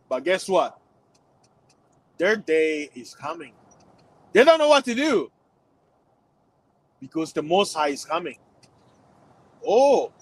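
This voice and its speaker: A man's voice: high voice, rough recording. A man delivering a preachy religious warning monologue to his channel, repeating himself and rising to emphatic peaks. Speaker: channel host.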